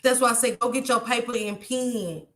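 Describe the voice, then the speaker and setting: A woman's voice: on the high side, steady tone, normal speed, a bit bright, roomy sound. A tearful woman, talking heartfelt and repetitive to her viewers on a live stream.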